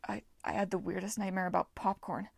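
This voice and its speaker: A gloomy teenage boy mutters in a low, deadpan way, as a woman narrator puts him on. The sound is dry and close. It is an audiobook reading. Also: a little fast, vocal fry, breathy edge, no echo.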